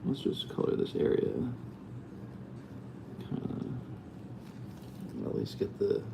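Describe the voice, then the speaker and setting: A young man hosting a live stream, chatting casually and rambling as he thinks out loud and answers chat. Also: slow, noisy background. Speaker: live-stream host painting cards.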